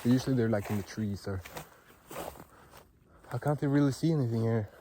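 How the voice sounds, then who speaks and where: Norwegian guy vlogging outside in the woods, super excitable, keeps saying like, mid-pitch voice, a bit of faint noise around. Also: a little fast. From Norway. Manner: excitable, gushing, rambling with lots of fillers. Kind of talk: casual walking vlog. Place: outdoors in a forest on a hot day.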